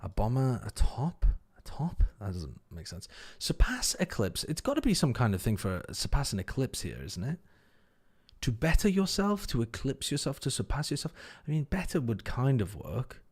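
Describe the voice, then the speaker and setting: A man's voice: medium pitch, wildly swooping pitch, moderate pace, a little mellow, husky. A man hosting a casual livestream, thinking aloud as he works a word puzzle, repeating words under his breath and swearing casually. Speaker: stream host.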